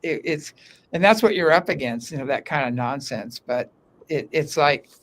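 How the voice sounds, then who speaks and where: A man talking as a guest in a casual interview, telling stories in an animated way with frequent restarts, speaking from an underground room. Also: a little high, normal speed. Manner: animated, talkative storyteller with many restarts.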